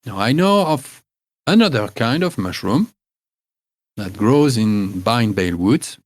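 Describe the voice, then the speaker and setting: A man voicing a bossy, shrewd old woman healer in a tabletop game, speaking high and fussy with many hesitations. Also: animated, slow, no room sound. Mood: advising.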